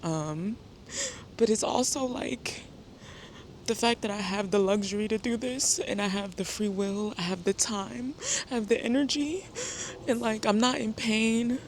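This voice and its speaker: A woman's voice: on the high side, measured pace, slight background noise. A woman vlogging on a wooded park trail, talking to her viewers in a chatty, emotional way. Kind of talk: casual vlog talk to camera. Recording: background music over outdoor voice.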